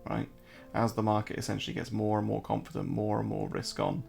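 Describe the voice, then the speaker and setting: A man's voice: on the low side, monotone, brisk, creaky, darkish tone, faint music behind. An English man hosting a casual live-stream, joking, answering viewer chat and walking through trading charts. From England.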